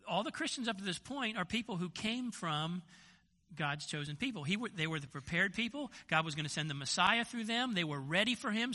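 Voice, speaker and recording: Older guy preaching, very bright edgy voice, slightly high, church hall reverb. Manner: conversational storytelling with frequent restarts. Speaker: pastor. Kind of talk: sermon.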